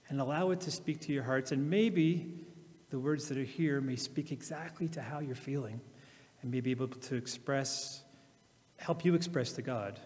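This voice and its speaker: A male pastor giving a sermon, then reading scripture slowly and reflectively with long pauses. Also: medium pitch, darkish tone, in a large hall. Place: church.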